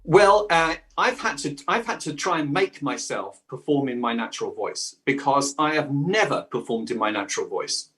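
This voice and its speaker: A man's voice: mid-range voice, lively intonation, normal speed, few pauses, sharp tone. A man with a South London accent, chatting as an interview guest and actor, talkative but hesitant, restarting sentences often. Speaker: guest, improv actor and voice-over artist. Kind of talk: casual interview chat.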